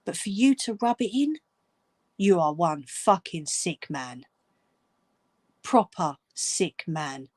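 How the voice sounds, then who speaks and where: Woman host, furious scolding rant, deliberate pace, dry close sound. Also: on the low side, big pitch swings, a little mellow, no room sound. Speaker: channel host. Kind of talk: angry direct-to-camera rant.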